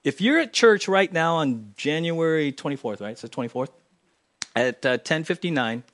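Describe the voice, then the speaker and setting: A man preaching a sermon in church, swinging from loud emphatic lines to quiet, low asides. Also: lively intonation, normal speed. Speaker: pastor. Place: church sanctuary.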